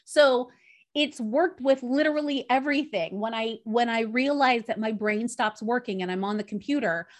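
A woman in her thirties chatting candidly on a podcast, telling stories and acting out little bits of dialogue. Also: fairly high pitch. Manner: candid, storytelling, acts out dialogue. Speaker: podcast guest. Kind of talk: casual chat.

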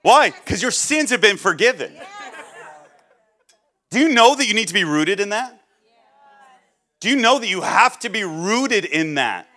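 A man preaching a sermon as a guest speaker, joking and acting out the people he quotes, then dropping low and quiet for serious points. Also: measured pace, long pauses, some chatter behind. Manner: animated, jokey, acts out quoted people.

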